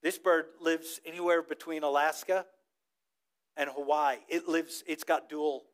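High-voiced animated man preaching. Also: unhurried, clean tone. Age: adult with a child old enough to talk. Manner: animated storytelling, asks the congregation to repeat words. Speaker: pastor. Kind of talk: sermon.

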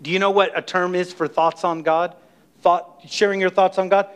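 Middle-aged guy pastor, high voice, fired-up sermon in church, lots of back and forth w the congregation. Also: moderate pace, clean tone. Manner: energetic, emphatic preaching with call-and-response. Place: church sanctuary.

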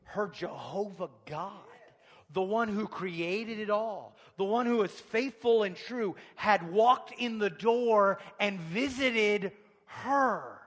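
A man preaching a sermon, swinging from hushed near-whispers to shouted passages. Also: high voice, takes it slowly, long reverb tail.

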